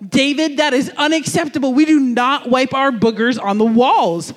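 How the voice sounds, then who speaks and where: A man voicing a stern female grade-school teacher, scolding a pupil in a sharp tone. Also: very high-pitched, moderate pace, big-room sound.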